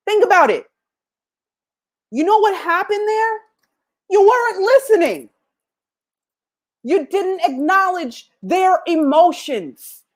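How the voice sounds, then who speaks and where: A middle-aged woman hosting a podcast, giving a motivational talk with animated storytelling, acting out past dialogues and laughing often. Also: very high-pitched. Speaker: podcast host.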